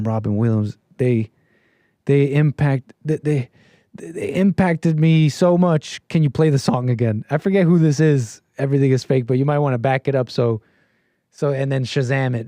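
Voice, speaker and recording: A man hosting a casual livestream call-in show, rambling and correcting himself, his voice swinging between quiet asides and louder bursts. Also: mid-range voice, dry recording. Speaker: livestream host.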